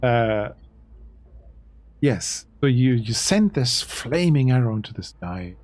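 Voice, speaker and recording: A man whose first language is German, narrating as game master and pausing to check rules. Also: medium pitch, big pitch swings, darkish tone, dry recording. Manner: descriptive, stops to check rules.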